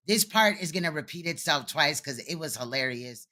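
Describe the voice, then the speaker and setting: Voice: medium pitch, normal speed, hardly any pauses, sharp tone. A commentator reacting to a livestream clip with blunt, sarcastic and profane remarks.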